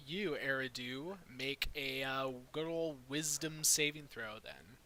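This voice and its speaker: A man's voice: mid-range voice, expressive, slow pace, sharp tone, slight background noise. A young man running a tabletop game as dungeon master, narrating in a laid-back way with many fillers.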